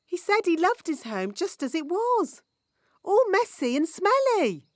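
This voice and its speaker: An actress voicing a no-nonsense fairy nanny who speaks briskly and casts rhyming spells. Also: female voice, extremely high pitch, big pitch swings, no echo, studio quality, exaggerated voice. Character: bossy fairy nanny woman, matter-of-fact.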